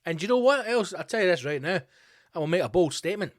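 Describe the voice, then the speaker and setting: A man's voice: high voice, lively intonation, quick pace, no echo, studio quality. A man hosting his own podcast, delivering a sweary, sarcastic comedic rant. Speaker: podcast host. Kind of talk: ranting comedic monologue.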